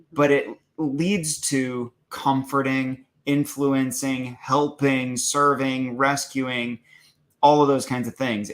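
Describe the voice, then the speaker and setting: A man's voice: mid-range voice, fairly bright tone. Earnest explaining father. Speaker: co-host, parent. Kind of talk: casual parenting talk.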